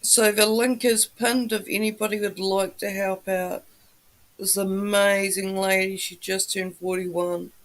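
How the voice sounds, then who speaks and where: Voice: mid-range voice, level tone, measured pace. A livestream host in a just-woken-up morning voice, chatting casually with viewers and greeting them by name.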